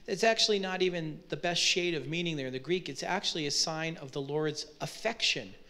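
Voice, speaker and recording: A man's voice: fairly high pitch, fairly quick, pushed and bright. A man preaching a sermon, explaining Bible verses in a conversational way with frequent rhetorical questions. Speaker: pastor.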